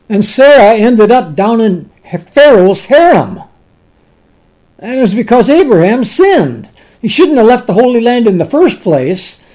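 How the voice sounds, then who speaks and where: A preacher delivering a sermon in a deliberate way, retelling scripture with emphatic asides. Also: medium pitch, a little mellow.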